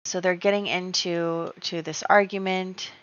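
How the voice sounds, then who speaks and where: A woman's voice: fairly low pitch, flat delivery, unhurried, fairly bright tone, clear, resonant tone. A woman casually commenting on her life-sim game, chatty and storytelling, with many fillers. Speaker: gameplay YouTuber. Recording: dull lo-fi dry sound.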